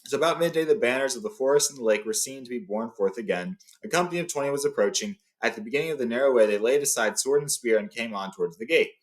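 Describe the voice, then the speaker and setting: Brief: a relaxed male reader, mid pitch, casual read-aloud storyteller. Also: fast talker, few pauses. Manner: loose, with fillers and paraphrasing.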